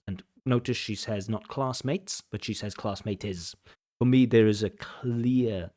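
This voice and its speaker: A man's voice: lowish voice, a little mellow. A man giving an examiner's commentary on a speaking test, explaining mistakes and repeating words for emphasis. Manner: emphatic, repeats for stress, slows down to make points. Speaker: IELTS examiner and teacher.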